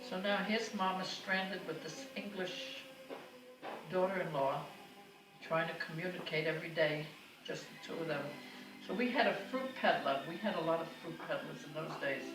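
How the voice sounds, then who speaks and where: A woman's voice: on the low side, moderate pace. Older woman, family storyteller, echoey distant recording with music beneath. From United States. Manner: warm anecdotal storytelling with acted quotes. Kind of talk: oral history reminiscence. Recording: echoey room, far from the mic, music behind.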